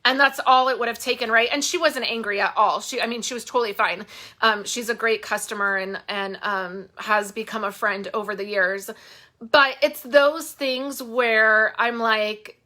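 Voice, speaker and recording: A woman hosting a craft live stream from home on a phone, talking candidly and warmly with viewers, with plenty of fillers. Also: on the high side, normal speed. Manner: candid, heartfelt, rambling with fillers. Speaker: craft channel host. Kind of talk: casual live-stream chat.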